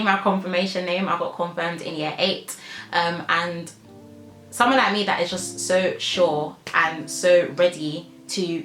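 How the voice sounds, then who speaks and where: This YouTuber, a young woman with a lowish, slightly bright voice, pours out her feelings to the camera with emphasis, frequently laughing while crying. Faint music plays in an echoey room.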